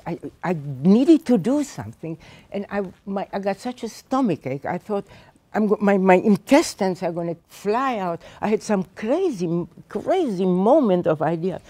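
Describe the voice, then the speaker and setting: Old lady in her eighties telling her story to a room of teachers, intense and heartfelt, warm mellow tone. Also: mid-range voice. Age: 80s. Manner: emphatic, emotional storytelling. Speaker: Holocaust survivor speaking to teachers. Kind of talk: personal testimony talk. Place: seminar room.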